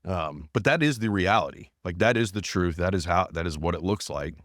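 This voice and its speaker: Male podcast host, deep voice, dry close sound, emphatic and sincere. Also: expressive, a little fast, a bit bright, dry recording. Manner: earnest and emphatic, repeats phrases. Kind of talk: casual podcast conversation.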